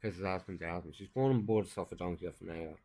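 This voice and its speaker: A man with a loud, ranting way of talking, swearing through crude casual banter and jokes as co-host. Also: low voice, fast.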